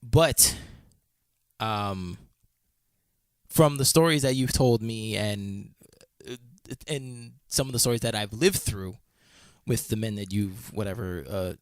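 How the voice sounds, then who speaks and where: A man's voice: on the low side, slow pace, no room sound, clean studio sound. A man co-hosting a casual podcast chat, telling stories animatedly, laughing often and swearing casually. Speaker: podcast co-host.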